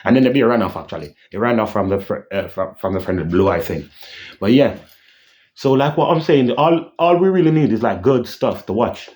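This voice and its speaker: A man's voice: on the low side, animated, brisk, darkish tone. A man hosting a casual vlog rant, rambling and repeating himself, often tagging lines with "yeah?" and humming dramatic sound cues. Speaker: channel host.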